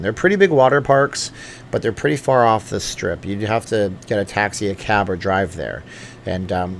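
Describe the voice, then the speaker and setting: Chatty middle-aged man, lowish voice. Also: slight background noise. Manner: chatty and joking, thinks aloud with fillers and asides. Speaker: channel host answering live chat. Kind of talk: casual late-night livestream chat, reading viewer comments aloud. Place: at home.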